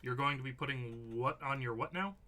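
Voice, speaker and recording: A man's voice: mid-range voice, fairly quick, very noisy. A man narrating a tabletop game as game master, with wry, theatrical descriptions.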